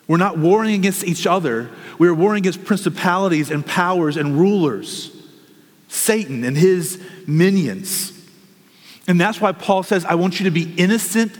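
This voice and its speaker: A man's voice: sits high, long reverb tail. A man preaching a sermon as a pastor, earnest and urgent, telling vivid stories.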